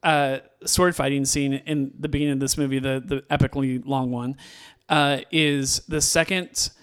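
A man's voice: medium pitch, little pitch movement, normal speed, a bit bright, clear, resonant tone. A man chatting casually about a movie, enthusiastic and rambling, full of fillers and restarts.

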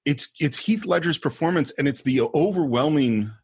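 A man co-hosting a casual film discussion podcast, animated and acting out the characters' lines. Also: on the high side, normal speed, breathy edge, dry recording, studio quality. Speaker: podcast co-host.

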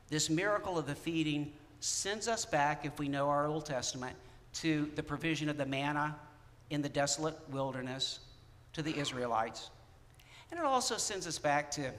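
Male pastor, fairly high voice, chatty sermon delivery, church hall reverb. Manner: conversational, animated preaching with asides.

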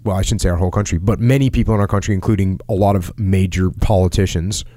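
A middle-aged man in a casual podcast talk, reading from an article and acting out quotes with lively jumps in pitch. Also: fast talker, no room sound, studio quality. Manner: animated storyteller, acts out quotes in a raised pitch. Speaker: podcast host.

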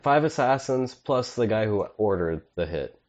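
A man's voice: fairly low pitch, expressive, normal speed, darkish tone, highs cut off. A man co-hosting a comedy podcast, laid-back and riffing, saying "dude" a lot. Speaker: podcast co-host. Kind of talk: casual comedic chat.

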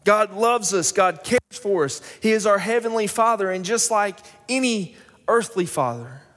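A young male pastor delivers a sermon with a high voice. He tells a story, then presses his points with rising emphasis. The sound carries a long reverb from the church sanctuary around him. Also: expressive, moderate pace, fairly bright tone. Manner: storytelling, builds to emphatic preaching.

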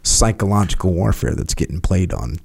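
A man with a low voice tells a story in a relaxed podcast conversation. He talks emphatically and repeats key phrases for weight. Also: a little fast, gravelly, slightly rough. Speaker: podcast host. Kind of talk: casual chat.

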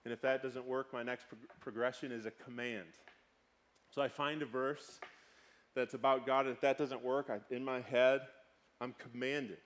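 A male pastor in his thirties preaching a conversational sermon, swinging between sudden loud outbursts and quiet, hushed passages. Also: mid-range voice, fairly even intonation, normal speed.

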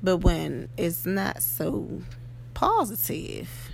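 Gravelly woman giving an emphatic pep talk. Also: lowish voice, big pitch swings, very slow, slight background noise. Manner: emphatic, keeps asking "okay?" and "you know?". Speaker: podcast host. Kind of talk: motivational monologue.

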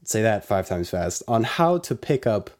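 Young male podcast co-host, joking, coughing a little, lower voice. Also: sing-song, measured pace, a little mellow. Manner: joking, playful. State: sick, coughing. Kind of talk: casual podcast banter.

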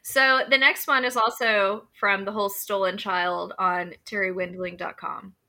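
A woman's voice: mid-range voice, steady tone, a little slow, bright, forceful tone. A woman co-hosting a podcast, chatting casually and reading folklore aloud, profane and prone to asides and laughter. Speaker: podcast co-host.

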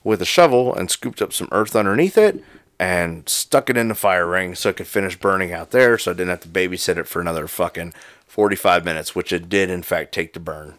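A man with a fairly low voice tells a rowdy backyard story, swearing constantly. The sound is dry and close, with no room echo. His delivery is loose and animated, a friend chatting over drinks. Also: a little fast. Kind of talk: casual storytelling chat. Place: home, drinking whiskey with a friend.

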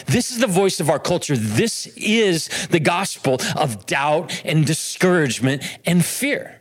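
A male pastor in full sermon, his voice sitting a touch high for a man. He preaches with passion, circling back through repeated phrases and restarting lines as he drives each point home. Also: lively intonation, moderate pace, hardly any pauses, husky. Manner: impassioned, repetitive preaching with restarts.

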